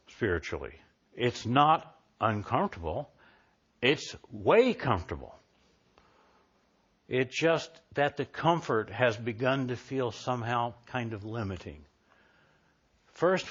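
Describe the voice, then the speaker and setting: A man's voice: mid-range voice, a bit bright. A man giving a live sermon to a congregation in a conversational way, often asking them questions. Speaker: minister. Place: church sanctuary. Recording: dull live church recording.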